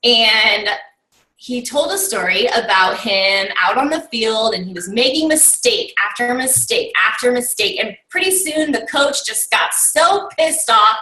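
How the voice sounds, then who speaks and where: A woman's voice: a little high, expressive, unhurried, bright, forceful tone. A woman coach giving a motivational talk to her team, rallying them with rhetorical questions and lots of "like" and "okay?". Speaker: team coach recapping a summit. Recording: roomy and distant from the mic.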